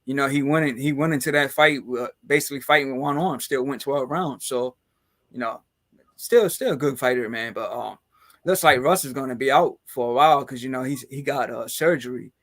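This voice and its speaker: A man's voice: medium pitch, a little fast, a bit bright. A man hosting a casual podcast chat who rambles along, filling his talk with "man" and "you know". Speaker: podcast host.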